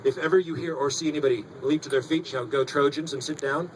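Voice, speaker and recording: A man's voice: fairly high pitch, fast talker. A man working as a stage hypnotist, giving commanding, theatrical suggestions and teasing his volunteers on stage. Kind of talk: stage hypnosis show patter. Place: school auditorium stage. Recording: noisy live audience recording.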